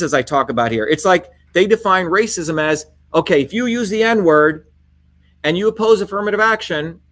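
A man's voice: on the high side, fairly bright tone. A man giving an impassioned, repetitive political monologue straight to his viewers, rallying them with emphatic points. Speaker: political speaker.

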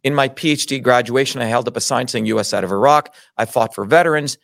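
A man's voice: medium pitch, fast, vocal fry, a bit bright, no room sound, clean studio sound. A middle-aged man telling his own story in an interview, indignant, emphatic and full of swearing. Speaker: interview guest. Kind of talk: heated personal storytelling.

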